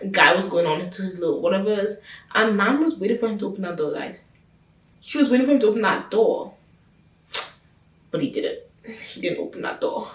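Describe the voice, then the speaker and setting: Gossipy woman recapping a show, roomy sound. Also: medium pitch. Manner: chatty, gossipy, emphatic with repetitions. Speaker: reaction channel host. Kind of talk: casual TV recap commentary. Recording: roomy sound from a distance off the mic.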